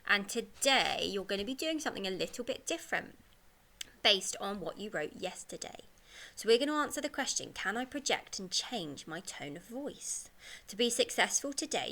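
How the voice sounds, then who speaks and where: A woman teacher giving a pre-recorded lesson to young pupils, speaking in a bright, encouraging way. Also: mid-range voice. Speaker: primary school teacher.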